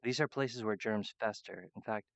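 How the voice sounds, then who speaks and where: Rambling man with a smooth, dull-sounding voice. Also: on the low side, normal speed, dry recording. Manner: hesitant, full of fillers and restarts. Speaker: channel host. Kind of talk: rambling monologue.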